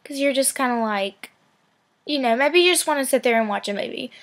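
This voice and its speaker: A woman's voice: high voice, lively intonation, a little fast. A teenage girl chatting casually with a friend, giving dating advice in a giggly, filler-heavy way. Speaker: vlogger.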